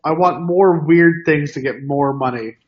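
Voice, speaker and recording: A man's voice: fairly high pitch, a little slow. Rambling man on a dull, lo-fi podcast mic. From New York. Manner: rambling, self-interrupting, wanders into tangents. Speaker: podcast co-host. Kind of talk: casual chat.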